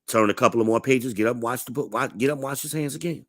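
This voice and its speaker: A man's voice: mid-range voice, fast talker, fairly bright tone, no room sound, studio quality. A man in his forties telling blunt, profane stories in a laid-back, casual vlog monologue. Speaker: vlogger.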